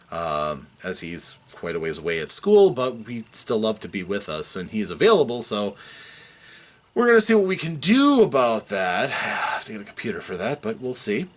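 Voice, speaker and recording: A man narrates a tabletop session recap as its game master, his voice swooping up and down as he tells it. He chuckles and restarts now and then, in a casual, storytelling way. His pitch sits in an ordinary middle register. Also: fairly bright tone.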